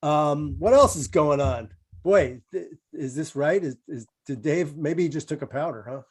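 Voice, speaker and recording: A man in casual conversation over a video call, rambling from one thought to the next and amused by his own stories. his voice sits a little higher than most men's and wanders through filler words. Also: normal speed, husky. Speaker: comedian guest. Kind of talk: casual chat.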